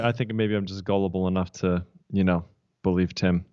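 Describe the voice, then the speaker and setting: A lower-pitched man talking in a loose, rambling, friendly way, hopping between thoughts with lots of "like" and "you know". The sound is dry and a bit dull and lo-fi, as over a call. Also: fairly even intonation, fairly quick, dark tone, smooth, dry recording. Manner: chatty, rambling storyteller with many fillers and laughs. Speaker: podcast co-host. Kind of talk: casual tech podcast chat.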